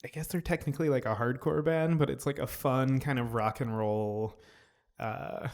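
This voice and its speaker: A man's voice: mid-range voice, steady tone, moderate pace, darkish tone. A man co-hosting a podcast in a studio, chatting casually and searching for words. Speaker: podcast co-host. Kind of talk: casual chat.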